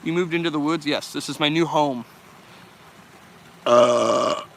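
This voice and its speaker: A young man from the United States, talking loosely as he walks through the woods and answers his viewers, often swearing and laughing. His voice sits a little high and sounds bright and forward. A faint hiss of outdoor noise runs behind him. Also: measured pace, creaky. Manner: laid-back, swears often, laughs a lot. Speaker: vlogger answering live chat. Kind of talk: casual live-stream chat while walking. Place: outdoors in a forest by a loud river.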